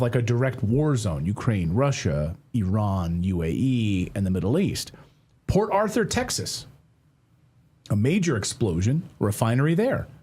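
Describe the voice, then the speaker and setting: Man, middle-aged, news host, husky, warm low tone, conversational commentary, wry self-corrections.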